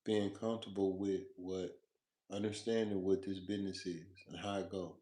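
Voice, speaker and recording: A man's voice: low voice, little pitch movement, moderate pace, dark tone. Loose, slangy man rambling in an echoey room. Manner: loose, slangy, profane, laughs often; repeats himself and talks to the viewer. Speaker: food vlogger. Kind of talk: casual rambling monologue.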